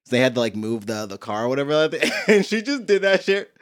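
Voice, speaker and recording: A man's voice: mid-range voice, sing-song, quick pace, no room sound, studio quality. A man telling a story in a casual podcast chat, laughing often and acting out noises. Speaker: podcast co-host.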